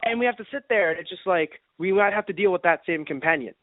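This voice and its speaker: A man with a high-sitting voice talks fast while co-hosting a casual fan review podcast. He's animated, acting out reactions and laughing often, and the recording is dry with a phone-like lo-fi sound.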